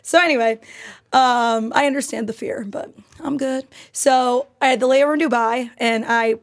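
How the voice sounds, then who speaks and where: A woman's voice: a little high, steady tone, moderate pace. Unfiltered young woman telling stories. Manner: unfiltered, swearing, storytelling. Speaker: guest. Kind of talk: casual podcast chat.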